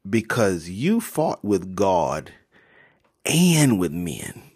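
A man doing a worn-out angel after a night of wrestling, blunt and slangy, his voice dipping low, then jumping high. He talks casually in a devotional podcast retelling. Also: wildly swooping pitch, extremely slow, darkish tone, slightly rough, heavily acted. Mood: solemn.

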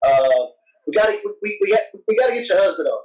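A man's voice: sits high, animated, quick pace, a little mellow, recorded from a distance, rough recording. A man hosting a podcast in casual chat, enthusiastic and full of restarts. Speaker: podcast host.

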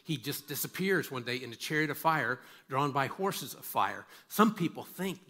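A man's voice: medium pitch, expressive, moderate pace, hardly any pauses, bright, forceful tone. A male pastor preaching a sermon in an emphatic way, repeating words for stress and putting questions straight to his listeners. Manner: asks listeners direct questions.

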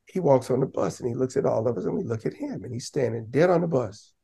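Guy telling hoops stories, voice jumps all over, bit gravelly. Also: medium pitch, fast. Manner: animated, laughing, acts out quotes in raised voice. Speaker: podcast guest, basketball coach. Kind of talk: casual storytelling.

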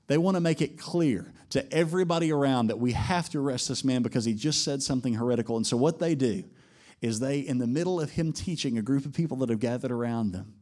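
A man preaching a sermon to his congregation in an animated way, climbing to emphatic peaks and slowing down for quoted lines. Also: medium pitch. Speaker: pastor.

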